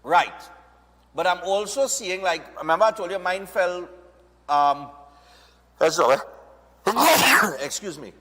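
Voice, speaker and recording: A man's voice: high-pitched, expressive, slow, pauses often, sharp tone. A man with a Trinidadian accent hosting a casual talk show and asking questions, often tagging his lines with "right?". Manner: conversational, tags lines with "right?". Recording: reverberant room.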